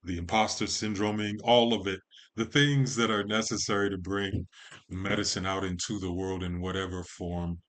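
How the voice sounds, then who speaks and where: A man, a podcast guest, talking in a measured, poetic way and lingering on long lists of words. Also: low-pitched, flat delivery, fairly bright tone. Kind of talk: slow reflective conversation.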